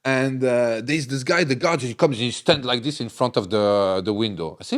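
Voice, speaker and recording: A French-accented man, a native French speaker, tells animated stories in broken English. His voice sits in a mid register. The delivery is a casual podcast conversation. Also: medium pitch, moderate pace. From France. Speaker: guest.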